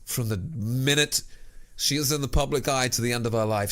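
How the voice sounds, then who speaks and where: A man performs a sarcastic comedic rant straight to camera. His voice swings between hushed, almost whispered asides and sudden loud outbursts. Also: mid-range voice, brisk. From England.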